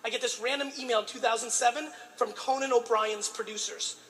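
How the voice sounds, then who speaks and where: A man's voice: extremely high pitch, fairly even intonation, fairly quick, sharp tone. A man giving a motivational speech, pleading and ranting with heavy profanity and emphatic repetition. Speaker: motivational speaker. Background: background music.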